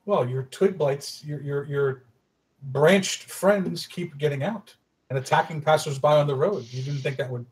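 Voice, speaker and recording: A courtly adventurer, as a man puts him on at a tabletop game, grandly polite and formal, pitched a touch higher than his everyday talk. He questions a stranger with exaggerated good manners. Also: measured pace, close to an everyday voice, poor audio. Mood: courtly, probing.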